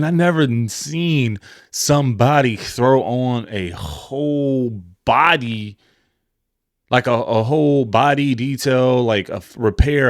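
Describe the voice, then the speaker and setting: A man's voice: medium pitch, no echo, clean studio sound. A man co-hosting a podcast, ranting in emphatic, slangy casual chat. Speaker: podcast co-host.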